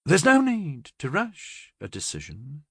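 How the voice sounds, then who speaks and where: A man's voice: fairly high pitch, huge pitch swings, measured pace, breathy edge, dry recording, studio quality, pitched above the performer's own voice, exaggerated voice. A man reading an audiobook voices a sassy, teasing woman with a cool, level manner. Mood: coaxing. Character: sassy, level-eyed older woman, teasing yet stern.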